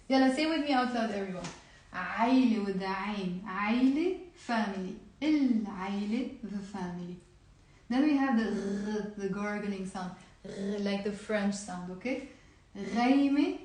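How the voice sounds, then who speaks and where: Woman teacher, mid-pitched, patient drilling, roomy echo. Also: animated, darkish tone, distant mic. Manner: patient, repeats words slowly. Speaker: language teacher. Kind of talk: online language lesson.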